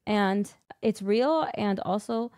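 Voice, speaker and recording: A woman's voice: mid-range voice, expressive, slow pace, darkish tone. A woman co-hosting a podcast in casual chat, earnest in her views and teasing her partner, with frequent laughter. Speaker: podcast co-host.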